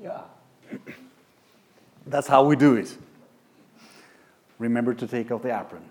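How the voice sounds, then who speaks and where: A man who is a pediatric radiologist, giving a lecture with anecdotes in a halting way with many restarts. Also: medium pitch, a little mellow. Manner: halting, many fillers and restarts, chuckling asides.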